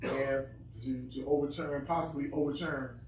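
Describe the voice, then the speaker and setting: A man's voice: mid-range voice, fairly even intonation, normal speed, a little mellow. A man speaking earnestly and emphatically in a Bible study class discussion. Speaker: class member. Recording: echoey room, far from mic, faint noise.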